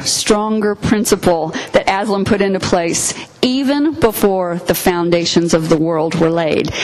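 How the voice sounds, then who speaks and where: A woman giving a sermon, retelling and reading a story in an earnest, expressive way. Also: mid-range voice, rough recording. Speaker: preacher.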